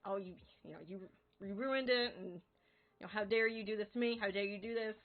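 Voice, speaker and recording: A woman voicing a sullen young woman in a tabletop game, grumbling a curse quietly rather than yelling. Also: fairly even intonation, brisk, natural voice. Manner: low grumbling, not yelling. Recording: tinny call audio.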